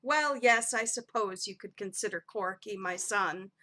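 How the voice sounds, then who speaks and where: A woman voicing a tall, ancient, clawed goddess grandmother who speaks in a stern, measured, sighing way. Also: medium pitch, bright, forceful tone. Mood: weary stern.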